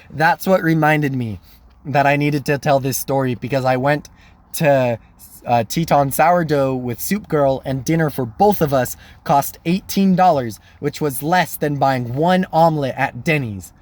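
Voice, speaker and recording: A man's voice: fairly high pitch, a little slow. Rambling young man telling a story. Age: young adult. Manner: chatty, full of "like" and self-corrections, laughs easily. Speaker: college student telling dating stories.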